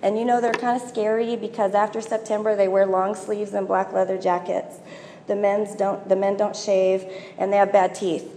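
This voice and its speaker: A woman's voice: medium pitch, flat delivery, normal speed, dark tone, slight background noise. Woman, forties, chatty storyteller, speaking to a group, long hall reverb. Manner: chatty, storytelling with filler ums. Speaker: speaker at a gathering. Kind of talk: personal talk to an audience. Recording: echoey hall with faint ambience.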